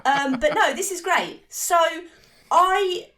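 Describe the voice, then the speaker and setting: High-pitched woman, casual, laughing, self-deprecating. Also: expressive, slow pace, crowd noise. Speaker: podcast guest. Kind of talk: casual chat.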